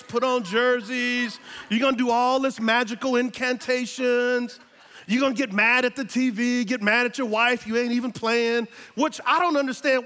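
High-voiced preaching man, loud to soft. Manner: swings from soft, slow teaching to loud, rising preaching. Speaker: pastor. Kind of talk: sermon. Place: church auditorium.

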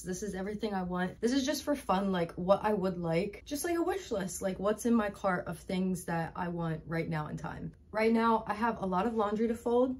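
A woman's voice: medium pitch, a little mellow. A young woman vlogging casually at home, chatty and upbeat, talking straight to her viewers. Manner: chatty, talks baby talk to her pets. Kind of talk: casual vlog chat.

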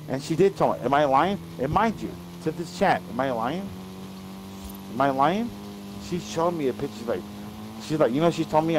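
Brash profane man ranting on a stream. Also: mid-range voice. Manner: brash, profane, repeats himself. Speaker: stream guest. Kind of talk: rambling livestream rant. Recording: noisy stream audio.

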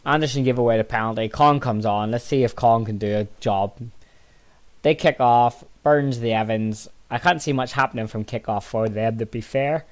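Tired man commentating his own game. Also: normal speed. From Northern Ireland. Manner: excitable outbursts between low muttering. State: tired, yawning. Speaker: gaming channel host.

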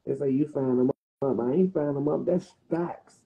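A man's voice: on the high side, moderate pace, phone-quality sound. A man with a Washington DC area accent hosting a livestream, roasting someone in a profane, mocking, rowdy rant. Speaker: livestream host.

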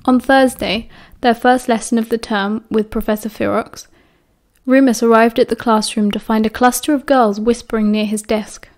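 A woman's voice: a little high, fairly even intonation, normal speed. British woman reading an audiobook aloud. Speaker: audiobook narrator. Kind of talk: audiobook narration.

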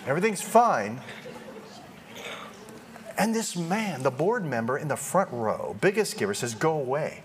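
A man preaching a sermon in a lively, joking way, acting out quoted voices as he goes. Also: fairly high pitch, measured pace, long pauses, a little hiss or hum.

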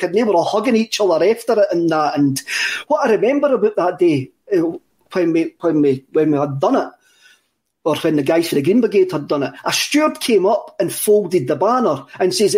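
A Scottish man with a fairly high voice tells a story on a podcast in a loose, rambling way. He stumbles over and repeats his words and laughs often as he talks. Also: animated, brisk, a little mellow. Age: 30s. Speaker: podcast co-host. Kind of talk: casual storytelling chat.

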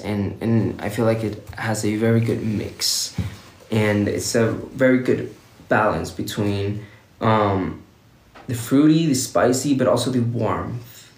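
A man's voice: lowish voice, a little mellow. Tired, playful young man. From Sweden. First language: Swedish. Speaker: livestream host. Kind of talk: casual livestream chat reading viewer comments. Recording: roomy echo.

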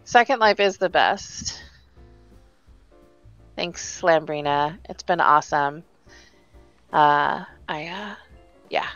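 A woman hosting a virtual-world event in casual chat, emotional and halting, with many fillers. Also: sits low, a bit bright, dry recording, lo-fi sound, faint music behind.

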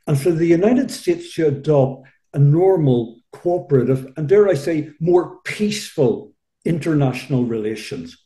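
A male interviewer asking a formal, measured question. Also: fairly high pitch, dark tone. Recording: echoey room.

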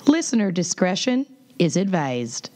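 A woman reading a scripted content warning in a formal, even way. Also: lowish voice, unhurried. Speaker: disclaimer announcer. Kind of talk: scripted announcement.

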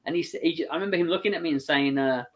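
A man with an English accent, a guest telling stories in a casual, animated way and acting out what other people said. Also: on the high side, rapid-fire. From England. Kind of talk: casual anecdotal storytelling.

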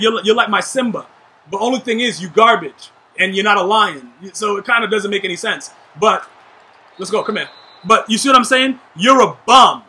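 High, bright-voiced hyped gamer guy. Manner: trash-talking, hyped, shouts at teammates. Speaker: gaming YouTuber. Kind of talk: live gameplay commentary.

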